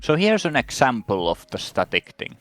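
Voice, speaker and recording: A man in casual stream chat who explains things in a patient, measured way. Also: mid-range voice, wildly swooping pitch, a bit bright, dry recording, soft background music.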